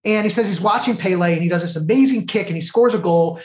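A man's voice: high voice, fast talker. Man, podcast co-host, casual storytelling, enthusiastic, reflective, echoey room. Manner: animated film-plot retelling, drifting into reflective life lessons.

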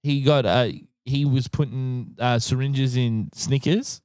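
A man's voice: medium pitch, steady tone, takes it slowly, a little mellow, smooth, no echo. A man with an Australian accent telling stories on a casual podcast, crude and laughing as he jokes around. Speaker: podcast co-host, storyteller.

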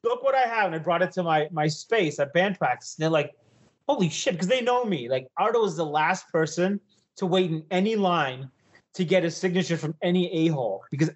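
A man with a high-pitched voice spins a wild story on a podcast, animated and full of swearing. He breaks into loud shouted impressions of himself when he quotes his own reactions. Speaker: podcast co-host. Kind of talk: casual storytelling chat.

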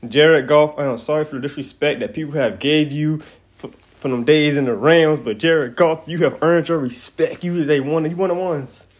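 A young man hosting his own podcast, chatting casually in an animated, rambling way and swearing freely. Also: fairly high pitch, moderate pace. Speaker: podcast host. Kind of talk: casual solo podcast chat.

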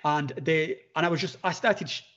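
A man tells a long story as a podcast guest, his voice a little high for a man. He talks haltingly, with many restarts and fillers. The audio is dull and lo-fi. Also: a bit bright. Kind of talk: conversational storytelling. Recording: dull lo-fi sound.

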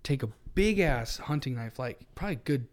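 A man's voice: mid-range voice, animated, a little fast. A man co-hosting a podcast, telling a long story in a casual, rambling way with frequent restarts. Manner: rambling, self-correcting storyteller. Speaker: podcast co-host.

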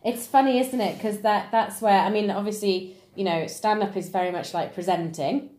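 A woman's voice: mid-range voice, steady tone, moderate pace, a little mellow. A woman podcast co-host chatting casually, laughing often and talking in loose, filler-heavy sentences. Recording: echoey room.

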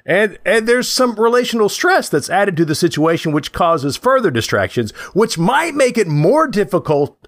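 A man's voice: sits high, very animated, moderate pace, few pauses, a bit bright, no echo. Playful, chuckling male explainer. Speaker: podcast co-host. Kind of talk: casual chat.

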